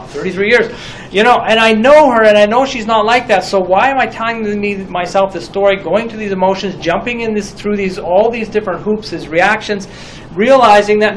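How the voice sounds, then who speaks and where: Man, middle-aged, high voice, reflective lecture, rhetorical questions, faint hiss behind. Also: a bit bright, low-quality recording. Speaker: teacher. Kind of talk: lecture on group communication.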